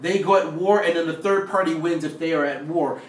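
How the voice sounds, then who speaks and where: Guy with a high voice chatting about movies, rambly, roomy and off-mic. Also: fairly quick. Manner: rambling, animated, acts out lines. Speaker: film reviewer co-host. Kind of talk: casual chat. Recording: roomy sound from a distant mic.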